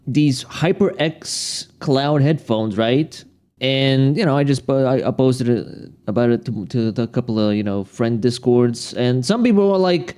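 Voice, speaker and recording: A man's voice: fairly high pitch, a little mellow. A young man streaming games, ranting casually, profane and exasperated, rambling with many restarts. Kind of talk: casual livestream rant.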